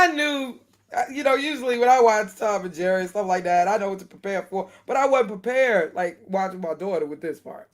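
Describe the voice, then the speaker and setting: A woman talking straight to her viewers in a loose, casual commentary, her voice sitting at an ordinary middle pitch. She sounds indignant and animated, with short laughs dropped between her points. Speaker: video commentator.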